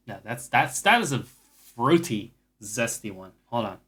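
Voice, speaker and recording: A man at a middle pitch chats loosely while he plays games on stream. He drifts from topic to topic, swears freely, and pokes fun at himself as he goes. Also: a little fast, a bit bright. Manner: rambling and profane, with self-mocking asides. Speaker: game streamer. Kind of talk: casual chat while gaming.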